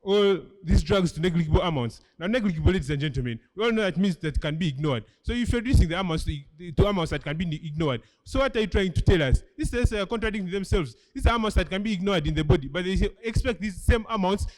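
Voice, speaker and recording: Fast, high-voiced Ugandan teen debater. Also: male voice, animated. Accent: Ugandan English. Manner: emphatic, keeps repeating "ladies and gentlemen". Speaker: school debater, first speaker for the opposition. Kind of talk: competitive debate speech.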